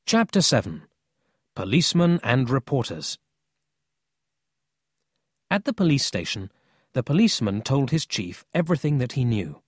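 A man narrating a children's audiobook in a scripted, expressive storytelling manner. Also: mid-range voice, normal speed, long pauses, breathy edge, no room sound, clean studio sound.

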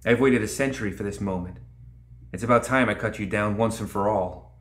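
A man's voice: lowish voice, fairly quick, lightly acted. Man voicing a defiant warrior queen. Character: defiant nephilim queen, woman, stern and proud. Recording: roomy echo.

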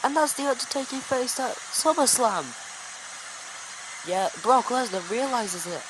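A woman giving excitable play-by-play wrestling commentary, bursting into exclamations. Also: fairly high pitch, a little slow, noisy background. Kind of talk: play-by-play wrestling commentary over a video game.

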